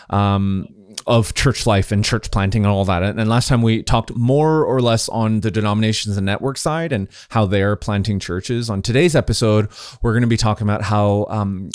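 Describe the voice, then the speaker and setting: Young man, Canadian accent, smooth resonant voice, upbeat laughing podcast host, dry close mic. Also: lowish voice, a little mellow, no echo. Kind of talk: casual chat.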